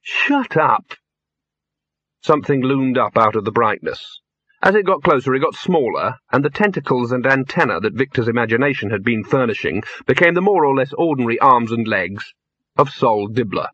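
A man narrating an audiobook in a measured, dry storytelling manner. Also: medium pitch, animated, a bit bright, husky, dry recording. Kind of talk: scripted narration. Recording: dull lo-fi.

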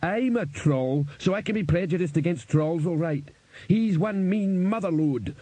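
Man doing a blunt, high-pitched troll. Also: expressive, normal speed, warm tone, husky, no echo. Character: excitable high-voiced troll musician, male. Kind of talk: audiobook character voice.

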